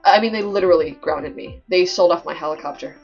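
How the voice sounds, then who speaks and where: Cocky rich kid, flat and unbothered, woman doing the voice, dull recording, a little music under it. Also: on the low side, fast talker, gravelly, husky. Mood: smug. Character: smug, wealthy, aloof high-school boy.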